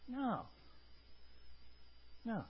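A male pastor preaching a lively sermon, acting out scenes and often asking "right?". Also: drawn-out words, dull audio. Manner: animated, acts out film scenes, keeps asking "right?".

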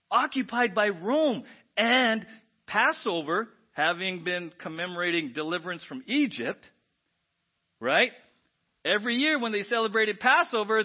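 A man preaching a sermon as pastor, animated and often asking the congregation "right?". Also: high-pitched, slightly rough. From United States. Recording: dull lo-fi church audio.

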